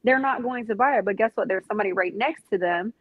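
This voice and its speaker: A woman's voice: medium pitch, fast talker, husky, no echo, phone-quality sound. A woman hosting a casual conversation, emphatic and agreeable, speaking in a slangy way. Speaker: podcast host.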